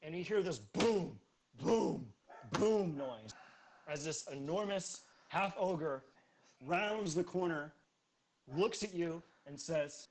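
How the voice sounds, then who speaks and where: A man's voice: fairly high pitch, animated, takes it slowly. A man narrating a tabletop game as game master, casual and laid-back.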